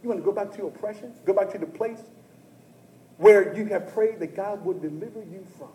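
A male pastor preaching a sermon who talks straight to the congregation and swings from hushed talk to shouting. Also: sits high, brisk, reverberant, low-quality recording. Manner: addresses the congregation directly and often.

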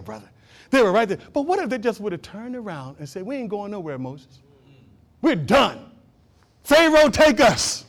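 A male pastor with a notably high voice preaches to his congregation in a church. He repeats short calls to action and swings between loud, driving emphasis and quiet, low asides. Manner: preaching with rising and falling intensity, repeating short exhortations. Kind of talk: sermon.

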